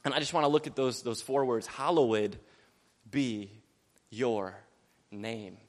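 A young man preaching a sermon quickly and energetically, mixing in jokes and acted-out quotes. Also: mid-range voice, long reverb tail.

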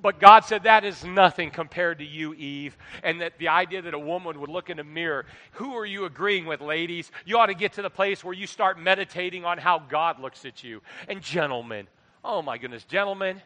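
Animated preacher man, bright voice, echoing hall. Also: a little high, a little fast. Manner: animated, storytelling, shifts from quiet asides to loud exhortation. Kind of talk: sermon. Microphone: microphone. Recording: long hall reverb.

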